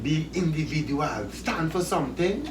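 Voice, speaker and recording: A man, an interview guest who talks in an animated way, laughs often and gives advice. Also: fairly high pitch, normal speed. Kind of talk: casual outdoor chat. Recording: echoey, distant, noisy outdoor ambience.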